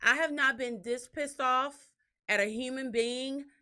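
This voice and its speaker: Host, woman in her thirties, high and bright voice, lively storyteller. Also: unhurried. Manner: animated, profane, acts out quotes in a shrill crying voice. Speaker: podcast host. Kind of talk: casual storytelling chat.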